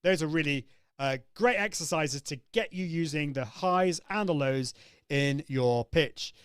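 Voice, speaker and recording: A man's voice: a little high, measured pace, a bit bright, clear, resonant tone, no room sound, clean studio sound. A man hosting a live online coaching session, upbeat and demonstrative, acting out vocal exercises as he explains them. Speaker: host.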